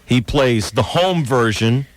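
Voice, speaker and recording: Talk show host guy, teasing, lively pitch, dry close sound. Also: no room sound. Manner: teasing, quick with jokes. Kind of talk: casual talk radio banter.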